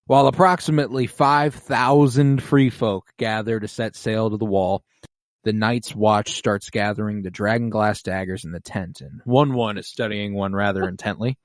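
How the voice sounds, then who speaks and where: A man's voice: lowish voice, steady tone, moderate pace, no room sound, studio quality. A man co-hosting a podcast, recapping an episode in casual chat and swearing freely. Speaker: podcast co-host.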